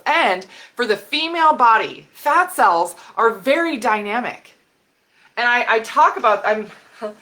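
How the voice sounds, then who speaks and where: A woman health expert giving an animated talk on camera, getting fired up and laughing as she explains while sketching on a board. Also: mid-range voice. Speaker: women's health and hormone expert. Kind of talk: educational video talk.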